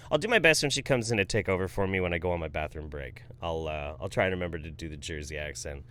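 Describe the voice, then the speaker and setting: A man's voice: sits low, lively intonation, fast, few pauses, pushed and bright, slight background noise. Laid-back swearing man hosting a stream. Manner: laid-back, swears freely, laughs often. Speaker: host reading viewer donations. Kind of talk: casual live-stream commentary.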